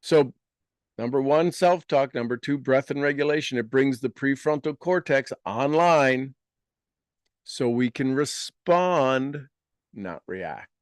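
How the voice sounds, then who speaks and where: A man giving a motivational talk to an audience, explaining ideas earnestly and guiding listeners through slow, deliberately repeated affirmations. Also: mid-range voice, expressive, no echo, clean studio sound.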